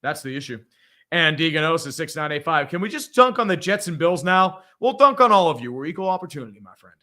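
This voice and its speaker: A man with a slightly high, bright, forceful voice hosts a casual live reaction stream, reading viewer donations aloud. He's blunt and profane, firing off quick opinions and laughing frequently.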